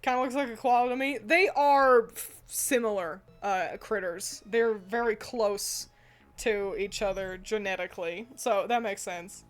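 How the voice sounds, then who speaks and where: A woman's voice: mid-range voice, measured pace. A woman co-hosting a casual chat, giggling often and rambling with fillers and restarts, swearing now and then. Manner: giggly, laughs often between phrases. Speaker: co-host ranking anime mascots. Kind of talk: casual chat while editing a tier list.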